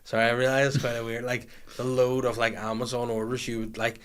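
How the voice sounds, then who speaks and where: A Northern Irish man hosting a comedy podcast, spinning animated anecdotes at a middle pitch. He swears freely and slips into other people's voices mid-story. It sounds loose and conversational. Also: brisk, clean tone. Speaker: podcast host. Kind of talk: comic storytelling chat.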